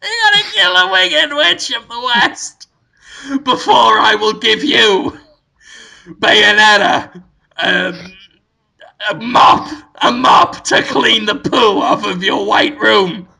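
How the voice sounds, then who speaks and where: Man putting on a hammy wizard voice, high and bright, shouting grand lines, gravelly edge. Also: slow pace, exaggerated voice. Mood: grandiose. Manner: loud, theatrical, over-the-top proclamations. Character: pompous shouting male celebrity as a movie wizard.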